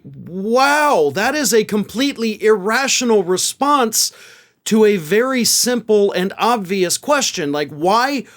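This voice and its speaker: A male political commentator with a high voice that swings up and down as he talks. He sounds incredulous and exasperated, scoffing at what he reads out.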